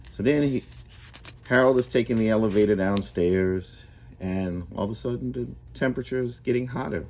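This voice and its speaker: A man telling a story in a relaxed, casual way, often restarting and repeating his words. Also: fairly low pitch, moderate pace.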